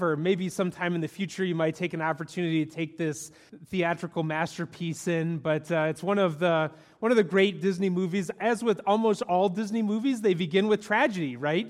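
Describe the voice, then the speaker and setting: A man preaching a sermon in a conversational, animated way, with frequent fillers and restarts, in a church. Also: high voice. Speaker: pastor. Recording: echoey hall.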